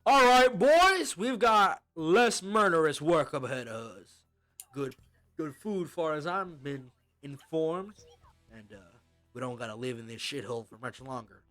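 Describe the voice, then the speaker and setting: A man voicing a brash, gruff bandit leader who drawls and bosses his crew around. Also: mid-range voice, steady tone, fast talker, fairly bright tone, no echo, lightly acted. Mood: bossy. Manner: drawling and bossy, threatens to slap.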